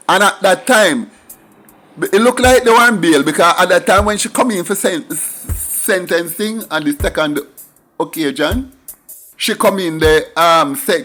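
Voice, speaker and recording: A middle-aged Jamaican man tells a story in a high voice with a lilting, sing-song delivery. He leans hard on emphatic patois asides. Faint music plays behind him. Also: a bit bright. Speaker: commentator. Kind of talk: storytelling monologue.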